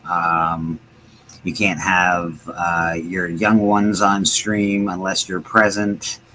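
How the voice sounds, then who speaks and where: A man's voice: sits low, flat delivery, slow, sharp tone, a little hiss or hum, poor audio. A man hosting a live stream, chatting in an easygoing, joking way. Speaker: host of a live comics stream. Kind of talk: casual chat.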